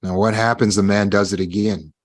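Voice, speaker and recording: A man's voice: fairly low pitch, fairly even intonation, brisk. A man teaching a self-help lecture, emphatic, speaking straight to his students and acting out the lines of the people in his examples. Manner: emphatic, talks straight to his students, acts out quoted speech. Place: live online meeting.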